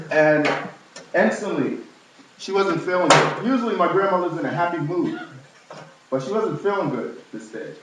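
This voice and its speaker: Casting: young man from new york, storytelling testimony, heard from far off in a very echoey hall. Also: slight background noise. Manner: storytelling, humorous asides, animated rises in pitch. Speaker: speaker giving a testimony. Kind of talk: personal testimony to a live audience.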